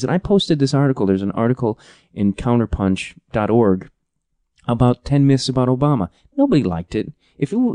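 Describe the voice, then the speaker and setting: Profane ranting man, mellow dry voice. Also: medium pitch, dry recording. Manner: profane, exasperated, rambling with restarts. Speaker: podcast host. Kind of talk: ranting comedic monologue.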